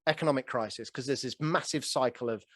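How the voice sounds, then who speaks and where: A man in his early forties hosting a casual interview, telling stories with animated energy and a self-deprecating chuckle. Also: mid-range voice, quick pace, no room sound, studio quality. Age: 40s. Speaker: podcast host.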